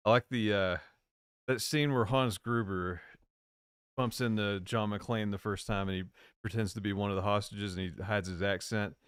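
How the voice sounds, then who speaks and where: A man's voice: on the low side, steady tone, moderate pace, smooth, dry recording, studio quality. A man chatting casually on a live stream, rambling and searching for words as he recalls things.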